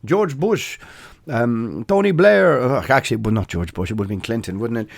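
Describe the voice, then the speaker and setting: A man's voice: mid-range voice, lively intonation, normal speed, creaky, no echo, clean studio sound. An Irish man in his forties hosting a podcast, telling stories in a rambling way with many fillers and self-corrections. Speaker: podcast host. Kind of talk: casual anecdotal storytelling.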